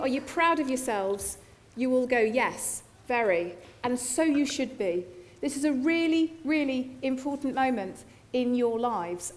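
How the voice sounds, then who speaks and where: A middle-aged woman, a university chancellor giving a playful, joking graduation address through a lectern microphone in a large hall. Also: fairly high pitch. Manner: playful, joking, warm to the audience.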